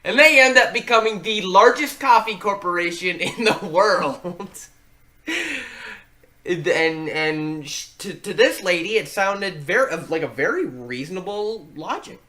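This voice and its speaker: Animated guy chatting sports on a podcast, bright voice, pitch jumps around a lot. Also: unhurried. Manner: animated, laughs often while talking. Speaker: podcast co-host. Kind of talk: casual sports chat.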